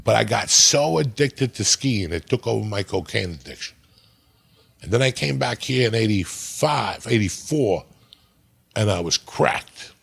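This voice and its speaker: Gravelly New man telling stories. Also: on the low side, unhurried. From New Jersey. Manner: profane, animated storyteller. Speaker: podcast guest. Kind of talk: casual storytelling.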